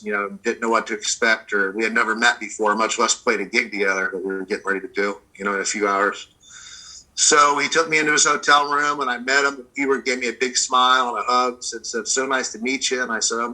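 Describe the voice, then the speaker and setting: Man from the States, bright and forceful timbre, rambling relaxed storyteller, video-call interview guest. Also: mid-range voice, poor audio. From United States. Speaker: blues guitarist guest.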